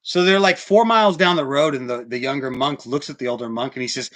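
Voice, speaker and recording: A man preaching a sermon in church, swinging from hushed, near-whispered lines to loud, emphatic ones. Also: mid-range voice, fast, hardly any pauses. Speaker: pastor.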